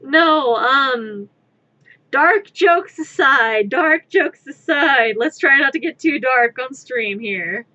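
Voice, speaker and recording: A woman's voice: high voice, animated, slow pace, dull audio. Rambling woman streamer, wry and blunt. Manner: rambling, wry, swears freely, swings to loud exclamations. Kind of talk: casual live-stream chat while crafting.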